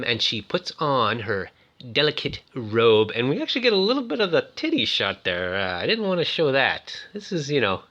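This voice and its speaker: Animated man with a bright voice. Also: medium pitch, highs cut off. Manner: animated, exclaiming, jokey. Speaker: movie reviewer. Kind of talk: casual movie commentary.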